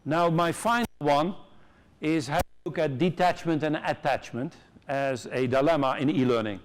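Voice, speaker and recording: A middle-aged man with a Dutch accent giving an animated, joking conference keynote in a large hall. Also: fairly high pitch, normal speed. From Netherlands. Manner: animated, joking, acts out quoted voices. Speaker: conference speaker.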